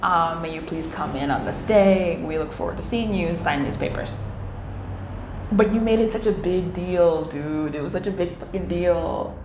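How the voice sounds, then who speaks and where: A young adult woman giving a casual tarot reading, chatty and animated, slipping into little quoted voices. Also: fairly low pitch, moderate pace. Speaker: tarot reader. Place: indoor room by a window. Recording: echoey room with faint ambient noise.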